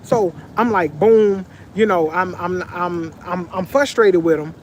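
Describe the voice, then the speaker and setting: A man vlogging, telling a story in casual, animated slang with lots of repetition, sitting on a bench. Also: sits high, unhurried, a little hiss or hum.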